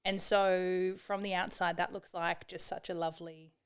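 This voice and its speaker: An Australian woman of around forty opens up as a podcast guest, earnest and reflective, often stopping and restarting her thoughts. Her voice is smooth and clear and sits fairly low for a woman. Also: little pitch movement, normal speed. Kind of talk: candid personal storytelling.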